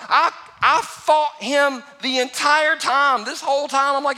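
Bright high-voiced animated preacher man. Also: unhurried, few pauses. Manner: animated, emphatic, humorous storytelling. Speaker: pastor. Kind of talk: sermon.

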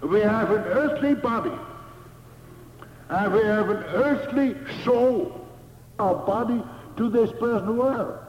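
Male preacher, high voice, deliberate sermon delivery, dull lo-fi sound. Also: darkish tone, slight background noise. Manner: slow, emphatic, repeats key phrases. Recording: echoey hall, dull lo-fi sound.

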